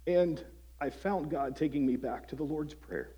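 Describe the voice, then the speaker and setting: A man's voice: a little high, normal speed, slightly rough, highs cut off. A man preaching a sermon as pastor, earnest and conversational, asking his listeners questions. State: voice breaking with emotion at times.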